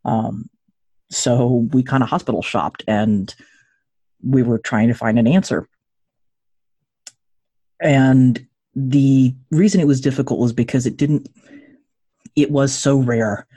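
A woman in her forties, a podcast guest, telling a personal story with jokes and acted-out dialogue. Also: slightly rough. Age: 40s. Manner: jokey, acts out dialogue with lively pitch jumps.

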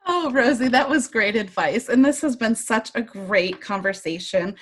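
A woman's voice: on the high side, expressive, moderate pace, breathy edge. A woman hosting a podcast, effusive and upbeat in casual interview chat, with lots of fillers. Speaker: podcast host.

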